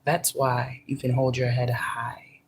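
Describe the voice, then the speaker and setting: A woman's voice: a bass voice, flat delivery, slow pace, slight background noise. Profane, emphatic woman spiritual teacher. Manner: profane and emphatic, acting out quoted voices. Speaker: workplace manager. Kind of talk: casual spiritual pep talk.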